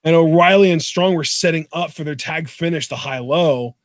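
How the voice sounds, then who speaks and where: A man co-hosting a show in casual chat, excitable and swearing freely. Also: on the high side, moderate pace, dry recording. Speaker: podcast co-host.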